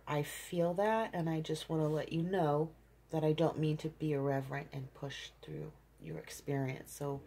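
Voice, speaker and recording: Low, husky-voiced woman; earnest, emphatic tarot reader who pauses to find her words. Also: darkish tone. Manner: earnest and emphatic, searching for words mid-sentence. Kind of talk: intuitive tarot reading for viewers.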